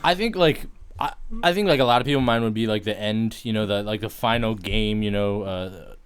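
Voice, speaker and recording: A man with a fairly low voice chats casually about a film. He talks in halting bursts and keeps restarting, with "like" in almost every sentence. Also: clear, resonant tone. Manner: halting, fillers, lots of "like". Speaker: podcast co-host. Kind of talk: casual movie chat.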